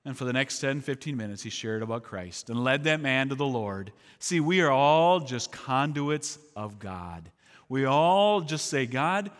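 A man speaks as a missionary, delivering an animated storytelling sermon and acting out the people he quotes. His voice sits at an ordinary middle pitch. It rings out with a long reverb, as in a large hall.

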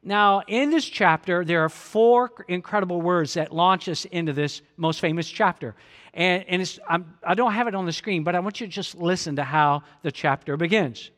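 A man's voice: high voice, fairly bright tone. A male pastor preaching a sermon earnestly, repeating key phrases and leading the congregation to read along. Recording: long hall reverb.

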